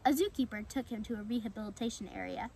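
A woman reads a children's animal story aloud in a clear, steady way. Her voice sits a little on the high side. She keeps an even storytelling flow. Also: fast talker, a little hiss or hum, poor audio. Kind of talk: storybook read-aloud narration.

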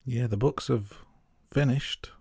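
A man's voice: mid-range voice, slow pace, creaky, a little mellow, slightly rough, dry recording, clean studio sound. A man co-hosting a podcast, chatting casually about a film, laughing at himself and restarting his sentences. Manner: self-deprecating, laughs at himself, stumbling restarts. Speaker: podcast co-host.

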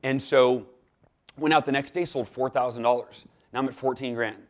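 A man guest on an interview show, telling a story in a lively way and acting out the quoted dialogue. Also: medium pitch, normal speed. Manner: animated, acts out quoted dialogue with lively swings in loudness. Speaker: podcast guest.

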